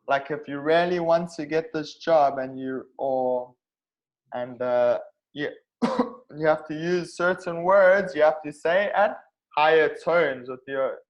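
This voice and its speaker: A male English teacher leads an online speaking lesson in an unhurried, deliberate way. His voice sits slightly high, and he keeps pausing to make sure the class follows along. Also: dull audio. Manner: patient, repetitive, checks understanding with "okay?".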